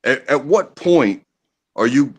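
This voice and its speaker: A man in casual chat who speaks haltingly, restarting his sentences. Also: medium pitch, animated, slightly rough. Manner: halting, stop-start phrasing.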